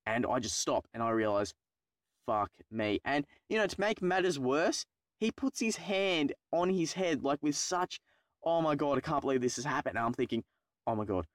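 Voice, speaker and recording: Young man, Australian accent, casual storytelling, swears a lot, mid-pitched voice, dry close sound. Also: dry recording. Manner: rambling, profane, self-mocking. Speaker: YouTuber telling a personal story.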